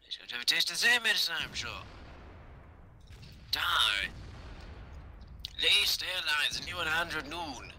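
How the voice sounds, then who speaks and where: A man's voice: on the high side, expressive, measured pace, pauses often, bright, forceful tone, a little hiss or hum. A man commentating a tank game in a hammy mock-posh officer manner, swearing often. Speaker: gaming commentator. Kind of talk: mock-posh gameplay banter.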